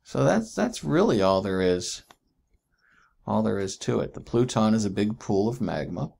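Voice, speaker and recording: A man's voice: fairly low pitch, very animated, normal speed, vocal fry, a little mellow, breathy edge. A man teaching geology in a chatty recorded lecture, often asking "right?" and correcting himself as he goes.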